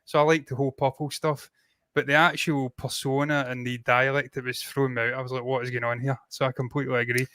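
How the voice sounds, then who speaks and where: A man co-hosting a casual film review podcast, blunt and animated, swearing freely. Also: mid-range voice, a little fast, no room sound, studio quality.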